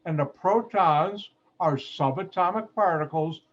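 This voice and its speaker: Male chemistry instructor, playful and jokey, teaching a class in a somewhat high voice over dull, muffled video call audio. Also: measured pace. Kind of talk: online lecture.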